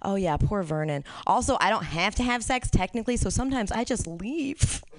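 A woman's voice: medium pitch, animated, a little fast. A woman doing a stand-up set, telling crude stories candidly and laughing at her own jokes. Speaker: stand-up comic.

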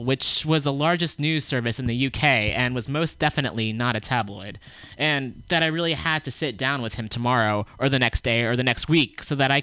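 A man hosts a small radio show, reading the news and a long statement aloud while breaking off for blunt opinions. His voice is bright and crisp, and it sounds dry and close to a studio microphone. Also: medium pitch, dry recording. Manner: reads a statement aloud with halting restarts.

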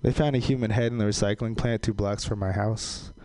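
A young adult man performing a stand-up comedy set, delivering deadpan one-liners that break into loud, high-pitched outbursts. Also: brisk.

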